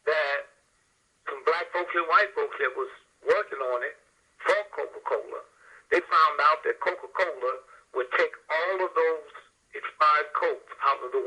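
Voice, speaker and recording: A man's voice: on the high side, pushed and bright, slightly rough, low-quality recording. A man speaking in an emphatic way, with stammered restarts. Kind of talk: emphatic commentary.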